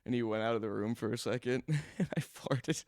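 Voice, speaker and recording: A man's voice: mid-range voice, brisk, no echo. A young man co-hosting a podcast from a studio. He spins casual stories, breaks into laughter often and swears freely. His voice sits mid-range and sounds close and dry. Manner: laughs through his stories, profane and animated. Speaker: podcast co-host. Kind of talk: casual storytelling chat. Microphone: studio microphone.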